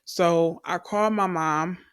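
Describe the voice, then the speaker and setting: A woman's voice: fairly low pitch, steady tone, takes it slowly, clean tone, dry recording, clean studio sound. A young adult woman, telling her personal faith testimony in an earnest storytelling way and calling the listeners y'all. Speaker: testimony speaker.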